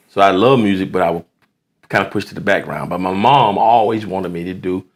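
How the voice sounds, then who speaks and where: A man who is a pastor, speaking as a guest in a relaxed interview, with earnest phrasing like a sermon. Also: deep voice, brisk. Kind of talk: casual interview chat.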